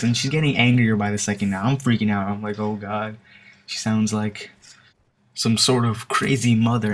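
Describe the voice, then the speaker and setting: A man casually telling a story over game footage as a gaming commentator, rambling and hesitant with lots of filler words. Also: on the low side. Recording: steady background hiss with clicking.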